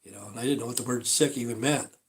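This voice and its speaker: A man's voice: medium pitch, quick pace. An older man rambling through a casual livestream monologue, profane and repetitive, circling back over his points. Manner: rambling, profane, repeats himself. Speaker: livestream host.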